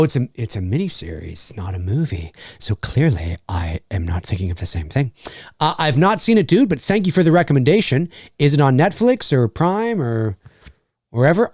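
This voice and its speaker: A man in his forties chats through viewer questions on a live stream, rambling and laughing as he goes. His pitch swings widely from low mutters to high bursts. The sound is close and dry, with no room behind it. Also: darkish tone, no room sound. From Canada. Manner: rambling, laughs often, hams up movie quotes. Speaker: host answering viewer questions. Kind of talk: casual live-stream Q&A chat.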